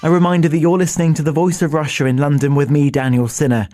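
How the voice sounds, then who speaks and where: A man's voice: on the high side, level tone, loud music behind the voice. A man hosting a radio debate, introducing guests and asking probing questions. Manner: probing, brisk. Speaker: radio host.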